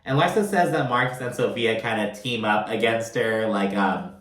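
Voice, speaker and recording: A man recaps a reality TV episode in casual, chatty commentary, swearing freely and leaning heavily on "like" and "you know." His voice is fairly low-pitched and fairly bright at a moderate pace, recorded with a roomy echo.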